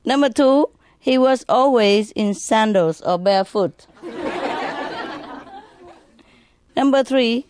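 Slow, playful woman telling jokes. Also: fairly high pitch, darkish tone, dry recording, studio quality, a faint crowd. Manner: playful, laughs between lines, teases listeners with questions. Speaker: spiritual teacher. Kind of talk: telling jokes to a live audience.

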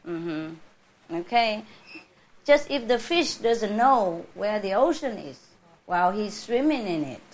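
Chuckling woman teaching in a spiritual Q&A. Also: fairly high pitch. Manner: warm, chuckling, conversational, laughs often.

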